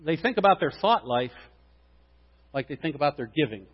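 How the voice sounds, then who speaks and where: A male pastor preaching a sermon, swinging between loud emphatic preaching and quiet joking asides. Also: a little high, lively intonation, moderate pace. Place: church sanctuary. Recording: dull sound with long hall reverb.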